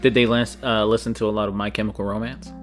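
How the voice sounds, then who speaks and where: A man's voice: on the low side, little pitch movement, fast talker, faint music behind. A man hosting a podcast in casual chat, rambling and joking and swearing freely. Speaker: podcast host.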